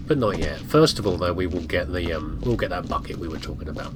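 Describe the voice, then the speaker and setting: A man talks through a video game in a loose, joking way, teasing himself and scolding things on screen. His voice rises and falls a great deal. A clear hiss of background noise sits under the recording. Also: sits low, expressive, quick pace, hardly any pauses. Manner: chatty, self-mocking, talks to viewers and objects. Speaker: let's play gamer. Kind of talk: casual gameplay commentary.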